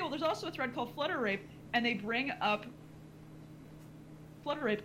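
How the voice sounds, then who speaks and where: A woman co-hosting a podcast in casual group chat, loud, excitable and swearing freely. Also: a little high, background noise. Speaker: podcast co-host.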